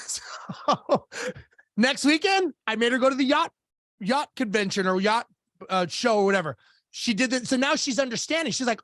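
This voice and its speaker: A man's voice: very high voice, moderate pace, fairly bright tone. A blunt middle-aged man, a business coach, tells a story with animation and plays both sides of the conversation. The recording is dry, with no echo at all. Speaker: business coach, podcast guest. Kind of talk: storytelling in a casual interview.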